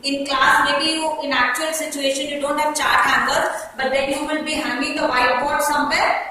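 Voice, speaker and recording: A woman with an Indian English accent instructs a room of trainee teachers in a high, bright voice, brisk and directive, stopping often to check they follow. She is picked up from across the classroom, with heavy echo and a faint hiss behind her. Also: little pitch movement. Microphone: far camera mic. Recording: echoey classroom from far off, faint noise.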